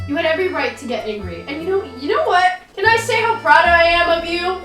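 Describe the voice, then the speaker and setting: A young woman in her twenties, a streamer chatting excitedly and teasingly with a chatbot, sometimes breaking into shouts. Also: extremely high pitch, fairly quick. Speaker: streamer role-playing with a chatbot. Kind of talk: casual role-play chat. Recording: echoey room, away from the mic. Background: background music.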